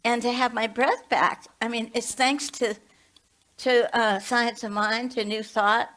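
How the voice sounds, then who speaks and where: A woman's voice: a little high, steady tone, a little slow, fairly bright tone, poor audio. A woman in her late seventies, a minister and hospice chaplain, giving a conversational sermon full of personal stories and asides. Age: 70s. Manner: chatty, storytelling with asides.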